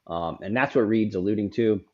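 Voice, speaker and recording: A man's voice: fairly low pitch, a little fast, darkish tone. A middle-aged man hosting a casual conversation, frank and rambling, often repeating words as he goes. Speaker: podcast host. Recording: dull lo-fi sound.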